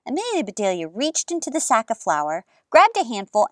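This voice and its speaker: A woman telling a children's picture book story with an expressive read-aloud manner, outdoors in an orchard. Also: on the high side, moderate pace, few pauses, no echo, studio quality.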